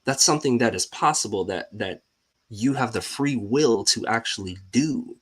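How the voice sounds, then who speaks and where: Husky-voiced man giving an animated pep talk. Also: medium pitch, normal speed. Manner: animated, asks himself rhetorical questions, laughs often; slangy and informal. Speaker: host of a live mindset show. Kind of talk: casual motivational talk.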